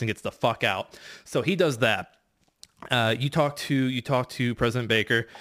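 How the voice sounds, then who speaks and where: A man's voice: mid-range voice, moderate pace, a bit bright. Rambling, profane man recapping a game. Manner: rambling, profane, full of fillers and restarts. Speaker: podcast competitor recapping a game. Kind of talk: rushed casual game recap.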